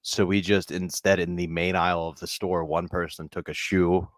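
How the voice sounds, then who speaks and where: A man's voice: sits low, flat delivery, normal speed, no room sound. A man co-hosting with dry, teasing banter in casual morning show chat. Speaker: co-host.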